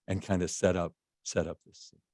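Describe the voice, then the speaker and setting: A man's voice: sits low, level tone, fairly quick, no echo, studio quality. A man hosting a radio show, talking casually with many restarts. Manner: rambling, warm-hearted, lots of restarts.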